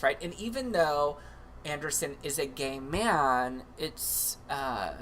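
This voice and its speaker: Campy guy riffing on his livestream, low but bright voice, slight hiss behind. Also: lively intonation, slow pace. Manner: campy, chatty, full of asides. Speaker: livestream host. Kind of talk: casual comedic commentary.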